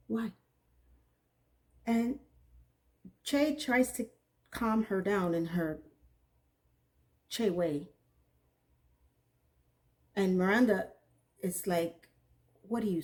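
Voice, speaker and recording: Woman, casual TV recap, animated, incredulous asides, mellow warm voice. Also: mid-range voice. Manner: animated, incredulous, acts out characters' lines. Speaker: TV recap reviewer.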